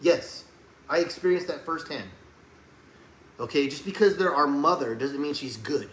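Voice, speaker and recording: A man delivering a rambling faith monologue to camera, preachy and emphatic, often breaking into loud raised outbursts. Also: a little high, normal speed. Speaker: Christian video blogger. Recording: echoey room with faint background hum.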